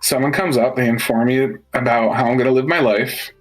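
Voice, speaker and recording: A man's voice: mid-range voice, a little fast, faint music behind, poor audio. Man asking "you know what I mean" a lot. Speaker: podcast co-host. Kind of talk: casual anime review chat.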